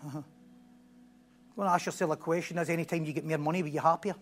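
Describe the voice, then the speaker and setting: A man preaching a sermon emphatically, repeating phrases and building to loud bursts. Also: a little high, fairly even intonation, quick pace.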